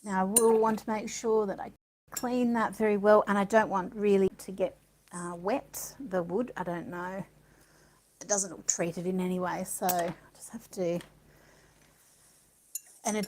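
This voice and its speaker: A woman's voice: mid-range voice, a little mellow, slight background noise, rough recording. A woman giving a casual art demonstration, chatting and thinking aloud as she works, with delighted little gasps. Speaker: art supplies presenter.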